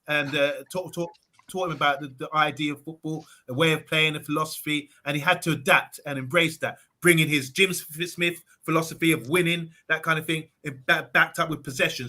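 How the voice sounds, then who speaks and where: Man, very bright edgy voice, slightly high, animated football storyteller, live fan show panelist. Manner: animated storytelling, quoting others in acted voices. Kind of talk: live online football talk.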